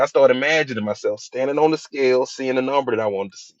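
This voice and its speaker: A man's voice: mid-range voice, fast, no room sound, highs cut off. A man, a hypnotherapist, giving a casual motivational talk and telling his own stories with quoted voices.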